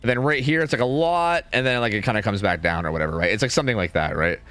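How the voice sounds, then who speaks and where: A man's voice: on the low side, fast, a bit bright, clear, resonant tone. A young man streaming, ranting casually in a rambling way, full of "like" and "dude" and some swearing.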